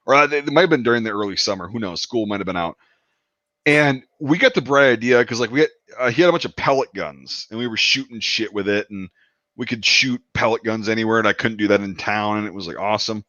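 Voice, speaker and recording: A man's voice: fairly low pitch, fast talker, sharp tone, no echo. A man casually telling a long, profane anecdote on a podcast. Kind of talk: casual storytelling. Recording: dull, dry lo-fi sound.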